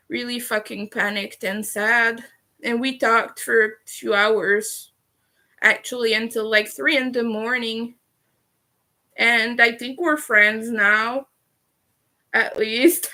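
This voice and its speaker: A young woman talking straight to her stream audience in a casual, unfiltered way. Her voice is bright and fairly high, and she gets heated and swears freely as she talks. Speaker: livestreamer. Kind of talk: casual livestream chat.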